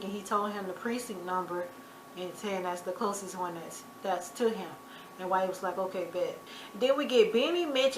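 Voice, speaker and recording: A woman casually recapping a TV drama episode in a chatty, loose storytelling way with lots of fillers, quick to burst into loud exclamations. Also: mid-range voice. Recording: echoey room, faint background noise.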